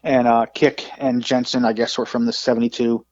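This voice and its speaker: A man's voice: medium pitch, fairly quick, dry recording. A man in his forties, a podcast guest, telling stories casually and with energy, slipping into other people's voices as he retells them. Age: 40s. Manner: animated, acts out quoted people in a raised voice. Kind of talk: casual storytelling. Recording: dull lo-fi podcast audio.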